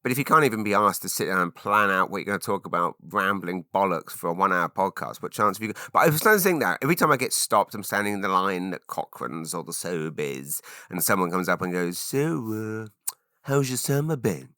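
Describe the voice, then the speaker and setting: A man's voice: low-pitched, animated, quick pace, few pauses, sharp tone, dry recording, studio quality. A British man in his forties from England, hosting a solo podcast in a rambling, self-deprecating way full of fillers and restarts. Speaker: podcast host.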